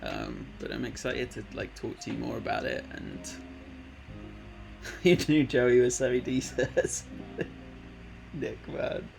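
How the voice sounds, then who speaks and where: A man's voice: medium pitch, wildly swooping pitch, slow, gravelly, long pauses, darkish tone. A man in his late twenties streaming live, chatting casually and reading viewers' messages aloud in a laid-back, rambling way. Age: late 20s. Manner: laid-back, rambling, reads chat aloud, calls people man and bud. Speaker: Twitch streamer. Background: background music.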